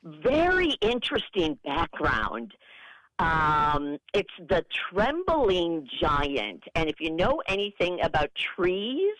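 A middle-aged woman guesting on a radio show, friendly and quick to laugh. Her pitch rises and falls a lot as she tells stories. The sound is dry and close. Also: fairly bright tone, dry recording, poor audio. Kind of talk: casual radio chat.

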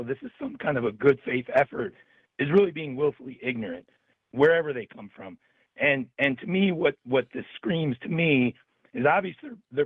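Hoarse man, caller, tinny phone line, dry. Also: mid-range voice, dry recording. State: hoarse, voice worn out. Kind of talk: call-in comment on talk radio.

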